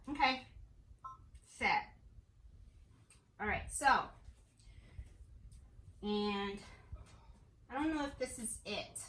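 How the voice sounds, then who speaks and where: A chatty woman with a high voice walks viewers through a crafting project in her home craft room. She talks in a loose, friendly way and keeps checking in with her audience. The camera sits on a tripod in a bouncy, echoey room with a faint hiss behind her. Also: fairly bright tone. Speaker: crafting channel host. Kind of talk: casual how-to vlog.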